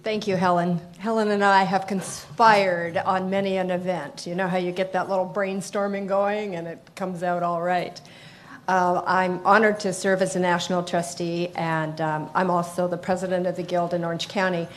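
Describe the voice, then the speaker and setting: A woman in her sixties moderating a conference panel, speaking haltingly with many fillers. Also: on the low side, flat delivery, slight background noise.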